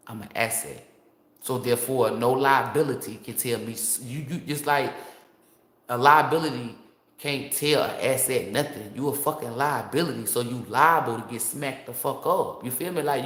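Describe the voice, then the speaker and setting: Blunt, profane woman in an echoey room. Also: a bass voice. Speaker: tarot reader. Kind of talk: casual monologue to viewers.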